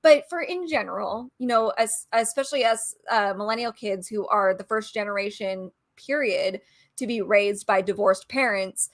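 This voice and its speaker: A woman's voice: mid-range voice, moderate pace, dry recording, clean studio sound. A woman co-hosting a podcast, talking in an earnest, opinionated way and acting out little quotes as she goes. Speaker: podcast co-host. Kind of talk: casual chat.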